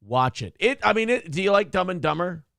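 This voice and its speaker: A man's voice: high-pitched, lively intonation, brisk, gravelly, fairly bright tone, no echo, studio quality. A man co-hosting a casual live show, reading viewer messages aloud and joking about movie quotes. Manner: joking, quotes movie lines in put-on voices. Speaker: co-host reading viewer super chats. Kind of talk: casual live-stream banter.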